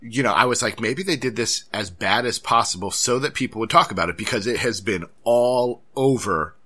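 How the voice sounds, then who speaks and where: A tired man co-hosting a podcast, musing in a measured way with frequent restarts. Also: medium pitch, sharp tone. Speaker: podcast co-host. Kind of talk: casual chat.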